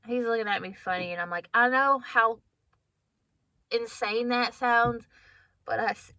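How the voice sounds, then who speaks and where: Bright-voiced woman in her thirties, chatty. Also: on the high side, fairly even intonation, measured pace, no room sound. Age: 30s. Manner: candid and chatty, laughs often, addresses viewers as guys. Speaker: vlogger. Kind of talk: casual personal storytelling.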